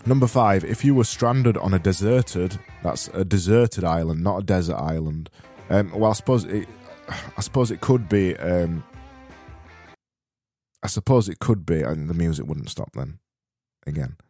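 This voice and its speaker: A man with a South Yorkshire accent hosting a solo podcast, rambling and correcting himself with dry, deadpan humor. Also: sits low, moderate pace, faint music behind. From Barnsley, South Yorkshire. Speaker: podcast host.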